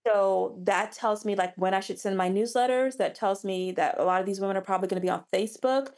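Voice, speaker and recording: Chatty woman author, animated, restarts often, average pitch. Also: quick pace. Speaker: romance author guest. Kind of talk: casual interview chat.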